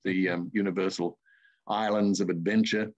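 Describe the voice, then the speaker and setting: An older Australian man spins long, rambling anecdotes in a relaxed interview, speaking in a low voice. The recording sounds dull and lo-fi. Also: moderate pace. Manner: rambling anecdotes with lively asides. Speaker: voice artist and author, guest. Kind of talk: casual interview storytelling.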